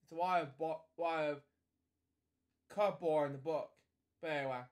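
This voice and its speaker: A man's voice: fairly high pitch, fairly even intonation, normal speed. A man casually reading a picture book aloud as a storytelling host, stumbling over words and wandering into rambling asides at home.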